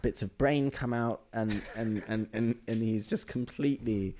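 A man's voice: fairly low pitch, moderate pace, warm tone. A man improvising a comic story, rambling, laughing often and restarting his sentences.

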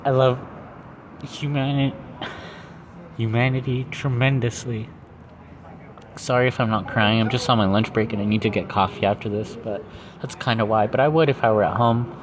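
A man hosting his own podcast, talking through personal reflections in an earnest, halting way with fillers and restarts. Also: mid-range voice, noisy background. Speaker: podcast host.

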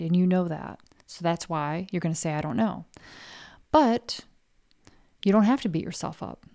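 A lowish, mellow female voice belongs to a podcast host who coaches artists. In a casual motivational talk she stays blunt and frank, cursing freely and impersonating the doubts running through her listeners' minds.

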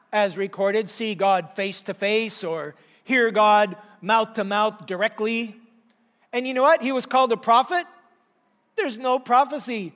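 High-voiced man preaching in a reverberant hall. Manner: animated, rhetorical questions, emphatic teaching. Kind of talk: sermon.

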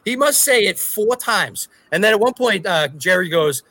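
A man's voice: high-pitched, expressive, normal speed, sharp tone, no echo. A man co-hosting a podcast, telling a story in a profane, ranting casual chat. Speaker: podcast co-host.

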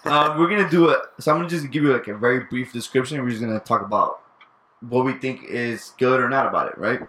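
A man hosting a casual podcast, leading the topic in a relaxed way and swearing now and then. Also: mid-range voice, quick pace, roomy sound, a little hiss or hum. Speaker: podcast host. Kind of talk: casual chat.

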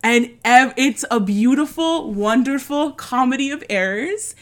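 A woman with a slightly high voice talks in a loose, chatty way. She swears a lot and tells stories with big energy. She often slips into put-on voices to act out scenes. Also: unhurried. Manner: animated storytelling, frequent swearing; doing voices while retelling scenes. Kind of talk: casual chat.

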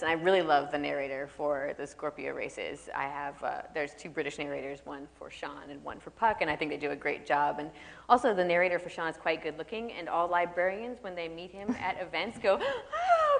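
A woman's voice: sits low, gravelly. A woman author on a live stage, chatting with self-deprecating laughs and reading aloud from her own novel. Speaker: author guest. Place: live stage event in an auditorium. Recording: echoey hall reverb.

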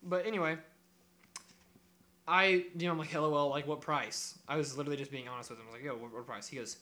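A young man on a podcast, telling a story in casual chat, animated and swearing often while he acts out what others said. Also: fairly high pitch, fast talker, pauses often, slight background noise. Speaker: podcast co-host.

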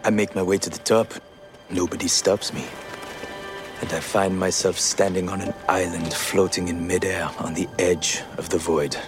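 A daring French wire walker, voiced by an actor, tells his story in a very deep voice and a wobbly French accent. It is a film voice-over with a faint score underneath. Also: steady tone, normal speed, music in the background, lightly acted. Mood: awed. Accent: French-accented English.

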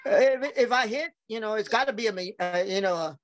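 A man's voice: high-pitched, brisk, dull audio, slight background noise. A man, a professional wrestler, telling casual stories on a podcast, acting out quoted dialogue and swearing freely.

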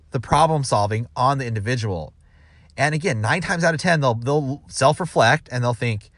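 A man's voice: medium pitch, brisk, fairly bright tone, no room sound, clean studio sound. A man giving casual advice as a sales manager, rambling with restarts and acting out quoted dialogue.

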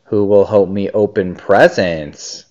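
A man's voice: lowish voice, fairly even intonation, slow, darkish tone. A man voicing a dedicated, cheerful little female elf in a storybook reading, sweet and upbeat. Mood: cheerful, determined. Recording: dull lo-fi recording.

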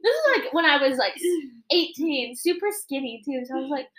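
A young woman in her twenties with a slightly high voice tells workplace stories in a loose, chatty podcast. She swears freely and jumps into the voices of the people she quotes, keeping the story moving. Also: expressive, a little fast, a bit bright, rough recording. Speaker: podcast co-host. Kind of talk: casual chat storytelling.

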